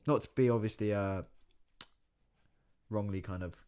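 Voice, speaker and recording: Low-voiced young man chatting. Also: moderate pace, a little mellow, smooth. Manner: rambling, lots of "kind of" and "like". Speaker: podcast guest. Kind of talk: casual chat.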